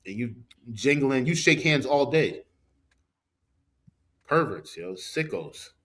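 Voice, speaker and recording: A man's voice: medium pitch, big pitch swings, slow. A man co-hosting a podcast in a studio, chatting casually in blunt, profane, slang-heavy talk. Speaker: podcast co-host. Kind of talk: casual chat, storytelling.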